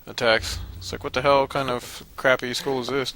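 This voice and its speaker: A man's voice: mid-range voice, little pitch movement, a little fast, fairly bright tone, slight background noise. A man giving casual, sarcastic let's play commentary, loosely paraphrasing the game's dialogue with lots of swearing. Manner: tired and cranky.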